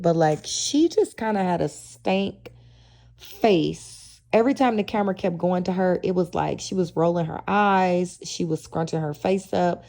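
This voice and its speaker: A woman's voice: on the low side, creaky, mellow. A woman, reviewing a reality show episode in a casual, sassy and opinionated chatty way, heavy on slang. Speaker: reality TV recap vlogger.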